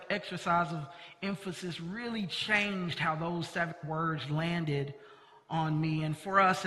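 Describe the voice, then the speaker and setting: High, bright-voiced male preacher in a reverberant hall. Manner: earnest preaching with emphatic stress on key words. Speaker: pastor. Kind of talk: sermon. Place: church sanctuary. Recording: long reverb of a large hall.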